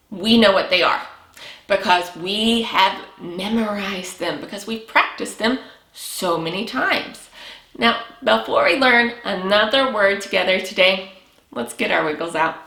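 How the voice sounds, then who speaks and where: A woman teaching preschoolers, speaking in a slow, encouraging, sing-song way and praising often. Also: mid-range voice, bright, forceful tone. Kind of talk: early learning lesson for young children. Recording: echoey room.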